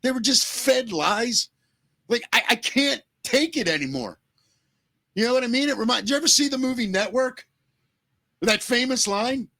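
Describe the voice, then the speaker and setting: Emotional man near tears, bright voice. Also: very high voice, animated, dry recording. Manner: earnest, emotional, swearing, halting restarts. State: close to tears. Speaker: podcast co-host. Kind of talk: emotional podcast talk.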